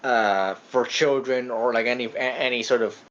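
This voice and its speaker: A man's voice: medium pitch, steady tone, moderate pace, a bit bright, dull audio. A man co-hosting a podcast, chatting casually about a film in a rambling way, full of stammered restarts and casual swearing. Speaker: podcast co-host. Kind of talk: casual film review chat.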